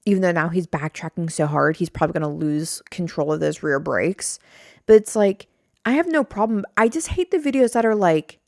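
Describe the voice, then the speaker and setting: A woman's voice: lowish voice, animated, moderate pace, darkish tone, dry recording, clean studio sound. A young woman hosting a solo podcast, rambling casually and self-deprecating, swearing now and then. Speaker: podcast host. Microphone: studio mic on a stand.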